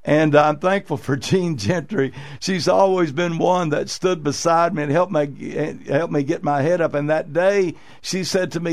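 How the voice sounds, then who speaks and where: A man preaching an earnest sermon as pastor of a radio church, repeating his phrases and pausing on fillers. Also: fairly high pitch.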